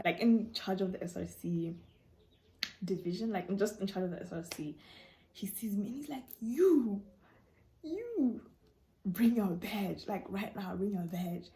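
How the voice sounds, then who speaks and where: Lively young woman, mellow low voice. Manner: animated, acts out dialogue with quick voice jumps. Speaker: vlogger answering viewer questions. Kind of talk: casual storytelling chat.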